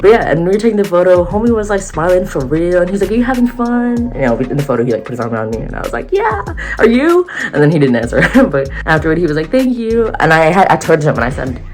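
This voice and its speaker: A young woman vlogging a casual storytime, excitable and giggly, acting out quoted lines in a higher voice. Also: rapid-fire, hardly any pauses, soft background music.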